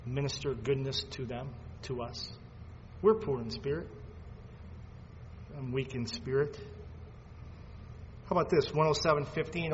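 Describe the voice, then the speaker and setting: A man preaching a sermon, swinging between fervent loud peaks and quiet asides as he reads scripture aloud. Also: on the high side. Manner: reads scripture aloud in old-fashioned phrasing. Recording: dull lo-fi sound with long hall reverb and faint background noise.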